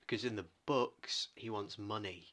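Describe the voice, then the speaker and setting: A man co-hosting a podcast, retelling things in a rambling, animated way. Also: lowish voice, moderate pace. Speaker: podcast co-host. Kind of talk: casual chat.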